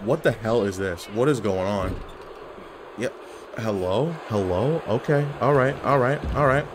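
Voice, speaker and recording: A man giving casual, animated commentary while playing an online wrestling game, yelling at his opponent and cracking jokes. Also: fairly low pitch, unhurried, noisy background. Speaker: gaming YouTuber.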